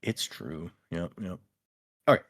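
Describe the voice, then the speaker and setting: A man's voice: low-pitched, sing-song, a little slow, vocal fry, a bit bright. A man hosting a podcast, chatting casually and reading listener emails aloud. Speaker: podcast host. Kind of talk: casual chat.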